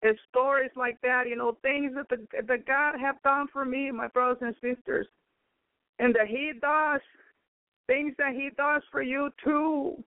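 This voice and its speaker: A woman's voice: sits high, fairly even intonation, unhurried, no echo. A woman preacher giving a fervent spoken testimony, repeatedly breaking into praise. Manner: fervent, peppered with praise exclamations. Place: home in Chicago. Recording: dry, phone-like narrow sound.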